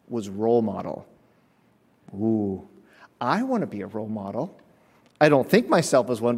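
A male pastor whose fairly high voice leaps up and down as he tells a story with mock indignation. His sermon rings out into a hall with a long, trailing reverb. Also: darkish tone.

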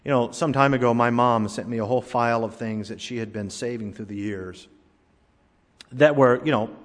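A man in his sixties preaching a sermon as pastor, animated and acting out the voices in his anecdotes. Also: medium pitch, normal speed. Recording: long reverb of a large hall.

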